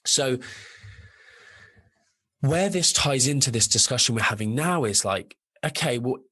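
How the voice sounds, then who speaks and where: A man talking as a guest on a podcast, animated and rambling, full of restarts and sudden jumps in pitch. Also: measured pace, breathy edge. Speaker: nutritionist guest. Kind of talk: casual podcast chat.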